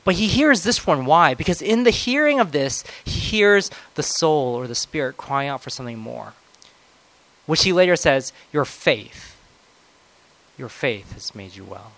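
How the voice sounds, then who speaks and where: A man preaching a conversational sermon, swinging between loud, emphatic moments and soft, reflective ones. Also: on the high side, very animated, measured pace, low-quality recording.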